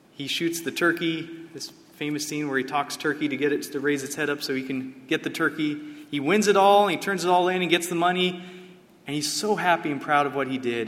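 Male preacher, mid-pitched, impassioned sermon delivery, reverberant hall. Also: fairly bright tone. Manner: dramatic storytelling, rising to impassioned cries.

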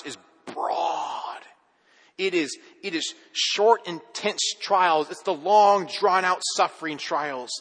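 A man preaching a sermon as pastor, telling stories with animation and then dropping to a soft, earnest hush. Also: fairly high pitch, moderate pace, big-room sound.

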